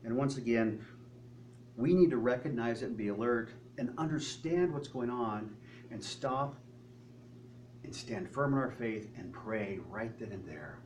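A man's voice: mid-range voice, lively intonation, a little slow, darkish tone. A male pastor preaching a sermon in an earnest manner, asking the congregation many rhetorical questions. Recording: distant mic with faint hum.

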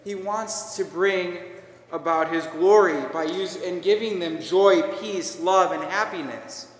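A priest with a Minnesotan accent preaches a homily in a high voice, earnest and conversational with a touch of self-deprecation. His words carry through a roomy church and ring on in a long reverb. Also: a little slow.

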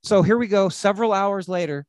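Animated podcast host telling a story. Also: male voice, high voice, fairly quick, dry recording. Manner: animated, swearing, acts out quotes loudly. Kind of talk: casual storytelling.

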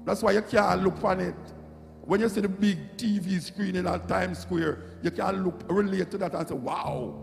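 A man's voice: high-pitched, vocal fry. A middle-aged Jamaican man giving an impassioned, preachy monologue, repeating phrases to drive his points home. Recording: echoey hall with loud music.

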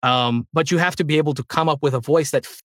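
A man talking as a guest in a casual interview about voice acting, with animated high energy. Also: quick pace, no room sound, clean studio sound. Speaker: voice actor guest.

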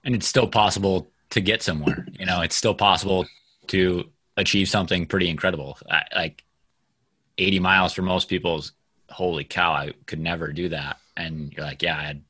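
A man's voice: low voice, steady tone, brisk, sharp tone, slightly rough. A man hosting a casual interview, reflective and encouraging, asking his guest to go on. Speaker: host.

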